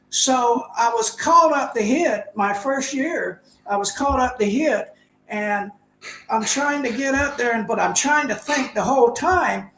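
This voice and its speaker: A man's voice: extremely high pitch, fairly bright tone, slight background noise. An older man, a former ballplayer, telling stories casually over a video call, rambling and chuckling. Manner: rambling anecdotes, chuckles often. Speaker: guest, former baseball player. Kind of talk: casual storytelling. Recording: echoey room.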